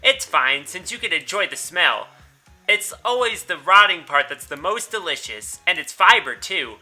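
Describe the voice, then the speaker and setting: A man's voice: sits high, very animated, normal speed, bright, forceful tone, soft background music, full character voice. A man reading a playful teenage schoolgirl in a visual novel, in a perky, teasing way.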